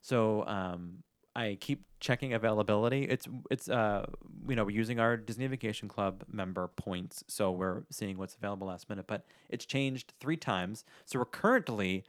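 A man co-hosting a podcast in casual chat, an animated storyteller who acts out the people he quotes. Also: fairly low pitch, normal speed, dry recording, clean studio sound. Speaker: podcast co-host.

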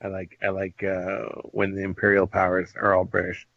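A man trades dry, offhand remarks in a casual podcast conversation. His voice sits at a middle pitch. The audio sounds a little dull and muffled. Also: completely flat delivery, normal speed, a little hiss or hum. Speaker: podcast co-host. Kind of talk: casual chat.

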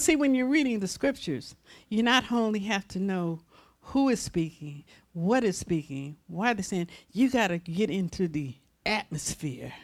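A woman minister preaching a sermon in a folksy, animated style with call-and-response to the congregation. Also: mid-range voice.

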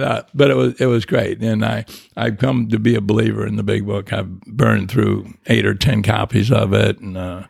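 Gravelly older man, dry close mic. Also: lowish voice, no room sound. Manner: rambling, reflective, with restarts and chuckles. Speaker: guest. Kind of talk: personal recovery story, conversational.

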